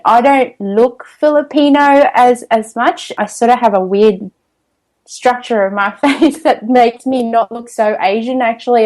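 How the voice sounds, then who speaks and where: A woman's voice: on the high side, a little mellow, poor audio. A woman with an Australian accent, a podcast guest in casual interview chat, cheerful and laughing often as she talks.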